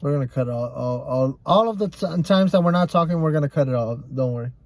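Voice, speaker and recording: A man's voice: fairly high pitch, expressive, fast, darkish tone, faint music behind. A young man hosting a casual podcast, talking loosely and profanely and often repeating himself. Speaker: podcast host.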